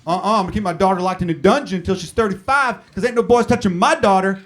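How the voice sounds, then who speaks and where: A man voicing an overprotective father with a Southern accent, in a loud, blustering drawl. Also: high voice, racing. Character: overprotective Southern dad, gruff and possessive. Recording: live club mic, audience laughter.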